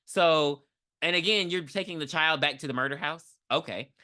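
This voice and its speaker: A woman podcast co-host recapping a movie in a casual, profane, animated way, acting out lines as she goes. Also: sits low, normal speed.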